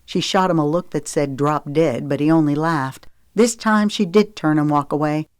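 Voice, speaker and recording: A woman narrates an audiobook in a steady, expressive reading. Her voice is low-pitched and even. The recording is dry, with no room sound at all. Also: moderate pace, clear, resonant tone, dry recording.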